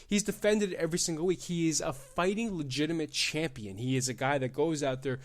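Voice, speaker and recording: A young man hosts his own podcast alone, ranting in a loose, profane way. He jumps from loud, excited outbursts to low mumbling asides and keeps laughing at his own jokes. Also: fairly quick. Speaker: podcast host. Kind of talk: casual solo podcast rant.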